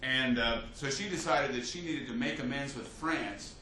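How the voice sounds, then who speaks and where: A man teaching a history class as a lecturer, telling the story with lively restarts and fillers. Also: mid-range voice, normal speed. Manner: animated storytelling with many restarts. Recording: echoey classroom from a distance, faint hiss.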